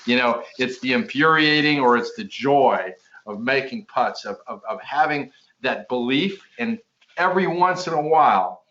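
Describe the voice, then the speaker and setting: A man's voice: mid-range voice, expressive, moderate pace, bright, forceful tone, lo-fi sound. A man hosting a podcast, talking enthusiastically with some rambling restarts. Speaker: podcast host. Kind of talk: casual podcast talk.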